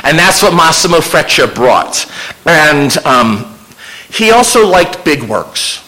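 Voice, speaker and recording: A man's voice: a little high, very animated, takes it slowly, pushed and bright, poor audio. A man giving an informal illustrated history lecture to an audience, conversational and with wry asides. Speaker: local historian giving a slide talk.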